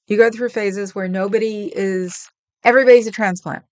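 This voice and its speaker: A woman of medium pitch and fairly even intonation speaks at a moderate pace, her tone darkish and clean with no echo. She's a Bay Area livestream host, rambling chattily through viewer questions and laughing frequently.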